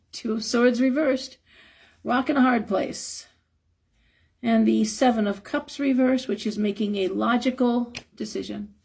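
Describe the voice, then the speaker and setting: A hoarse woman giving a frank, advice-giving live tarot reading and chuckling now and then. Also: fairly high pitch, steady tone, unhurried, a little mellow. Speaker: tarot reader.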